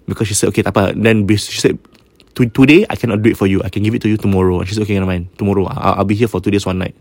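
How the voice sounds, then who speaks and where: Singaporean male storyteller, low-pitched, chatty and halting, hushes for the scary bits, dry close sound. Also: level tone, dry recording. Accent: Singaporean English. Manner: mixes Malay into English, many restarts; drops to a hush for eerie parts. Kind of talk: casual ghost story retelling.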